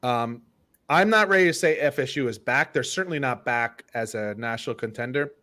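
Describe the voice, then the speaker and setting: A man's voice: mid-range voice, a little fast. Chill guy cohosting a sports pod, medium voice, rambly storyteller. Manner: relaxed, storytelling, trails off quietly. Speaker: podcast co-host. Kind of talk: casual sports chat.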